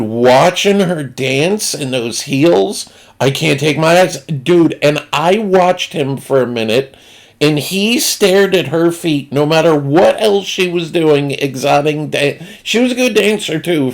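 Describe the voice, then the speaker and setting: Slow gravelly Northeastern man telling stories. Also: fairly high pitch, expressive. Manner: rambling, crude, self-interrupting. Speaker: storyteller. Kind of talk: casual comedic storytelling.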